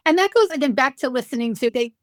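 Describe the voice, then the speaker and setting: A middle-aged woman, a dementia care expert, telling stories in a lively conversational way and acting out the dialogue. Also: high voice, quick pace, no room sound, studio quality. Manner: storytelling, animated, acts out dialogue. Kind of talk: conversational podcast interview.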